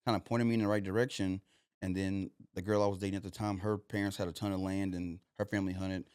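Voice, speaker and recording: A man's voice: low-pitched, flat delivery, quick pace, a little mellow, smooth, no echo, studio quality. A young man, a podcast guest telling his story loosely, with lots of "like" and "you know". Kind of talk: casual storytelling.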